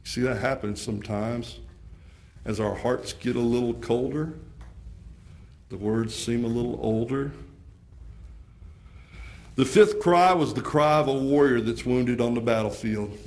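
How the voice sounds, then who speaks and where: A man preaching a sermon, moving from hushed, quiet passages to fervent emphasis and pressing his listeners with repeated rhetorical questions. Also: medium pitch, unhurried. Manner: impassioned, rising from hushed to fervent.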